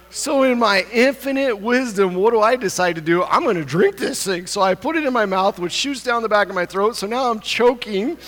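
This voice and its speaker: A man giving an animated church talk, telling a self-mocking story and climbing higher in pitch when excited. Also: a little fast, few pauses, in a large hall. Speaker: church speaker.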